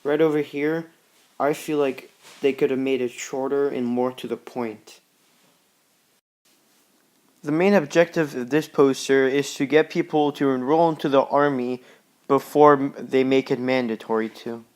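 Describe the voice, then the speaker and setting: A teenage student giving a class presentation on posters, talking in a halting, plain way and often falling back on "pretty much" and "just.". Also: male voice, mid-range voice, steady tone, clear, resonant tone. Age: teens.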